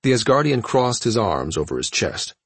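A man narrating a science fiction audiobook in a steady storytelling manner. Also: lowish voice, moderate pace, creaky, slightly rough, no echo. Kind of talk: scripted narration.

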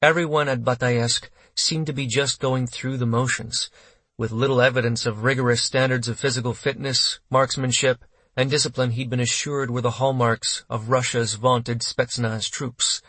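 A man reading an audiobook in steady, measured scripted narration, close to the mic. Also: medium pitch, dry recording.

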